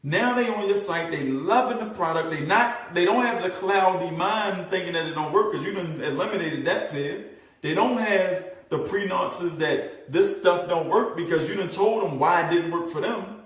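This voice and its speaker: A man coaching a group on marketing, talking in a fairly high voice and acting out his prospects' thoughts. He keeps checking in with "right?" and repeats his points. The sound is heavily echoey, with the mic set well away from him. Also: moderate pace. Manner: animated, acts out prospects' thoughts; repetitive, asks "right?" often. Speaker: network marketing trainer. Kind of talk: live group coaching session. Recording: very echoey room, mic far off.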